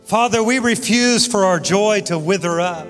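A man preaching a sermon in a church, swinging from loud exhortation to soft, quiet prayer. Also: high-pitched, normal speed. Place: church sanctuary. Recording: church hall reverb with guitar music.

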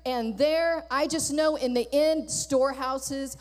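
A woman pastor preaches with emphatic, animated energy, driving her points home through repetition. Her voice sits high, and it rings out with the long reverb of a church sanctuary. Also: slow pace. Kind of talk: sermon.

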